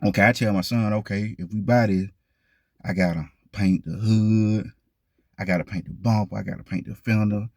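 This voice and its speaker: A man's voice: fairly low pitch, steady tone, normal speed, darkish tone, dry recording, studio quality. A man hosting his own vlog in casual talk to the camera, who stresses his points by repeating them and keeps asking the viewers questions. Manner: talks straight to viewers, asks them questions. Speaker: vlog host.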